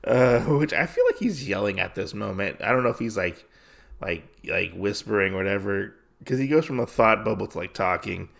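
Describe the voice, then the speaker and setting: A man's voice: fairly low pitch, fairly quick, creaky, a bit bright. A man hosting a podcast, casually recapping a comic book with lots of fillers and loose asides. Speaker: podcast host.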